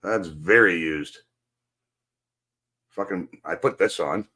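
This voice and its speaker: A man's voice: deep voice, slow pace, pushed and bright. A man hosting a stream, venting in casual, profanity-laced chat on a video call. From Canada. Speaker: stream host. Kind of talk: casual rant to a guest.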